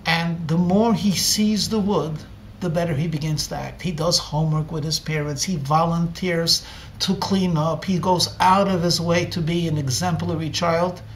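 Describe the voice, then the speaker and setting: A man's voice: a little high, steady tone, moderate pace, a little hiss or hum. A man, a rabbi, telling a story in a sermon and acting out the characters' lines dramatically. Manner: dramatic storyteller, acts out dialogue.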